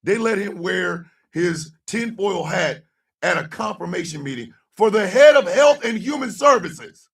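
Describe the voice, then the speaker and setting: Man, radio host, angry profane rant, gravelly voice, sitting back from the mic. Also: sits high, lively intonation, measured pace, distant mic. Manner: profane, loud, shouting often, sarcastic.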